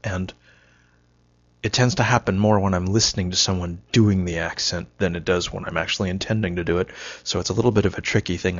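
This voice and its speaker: A man's voice: low-pitched, a bit bright, slightly rough, dry recording. A man giving a rambling, self-mocking solo monologue, wry and punchy, on a dull lo-fi recording.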